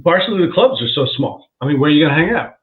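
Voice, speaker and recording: A male comedian trading road stories in a loose, casual chat. He acts out the people in his anecdotes with lively shifts of voice. His audio comes through thin and phone-like. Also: on the high side, racing. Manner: animated, acts out quoted voices. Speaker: comedian guest. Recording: tinny phone-like call audio.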